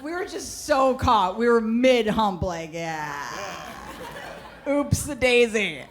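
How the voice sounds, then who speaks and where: A woman's voice: fairly high pitch, unhurried, some chatter behind. Brash woman comic on stage. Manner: brash, deadpan storytelling. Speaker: stand-up comedian. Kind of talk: stand-up comedy. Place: comedy club stage. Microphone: handheld stage mic. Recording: noisy live stage recording. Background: audience laughter.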